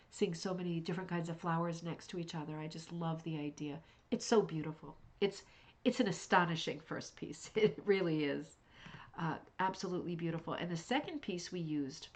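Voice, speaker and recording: Lowish-voiced woman gushing over rugs on a craft livestream, chatty, lots of ums and restarts. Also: darkish tone. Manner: chatty and effusive, with fillers and restarts. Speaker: host of a rug hooking club livestream. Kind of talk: casual livestream chat.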